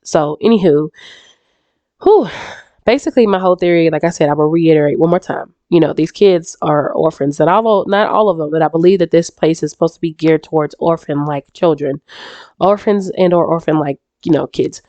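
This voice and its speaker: A woman's voice: low voice, fairly quick, mellow, no echo, lo-fi sound. A woman with a stuffy, congested voice and a sore throat, chatting casually through game theories, rambling and often restarting her sentences. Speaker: YouTube reaction creator.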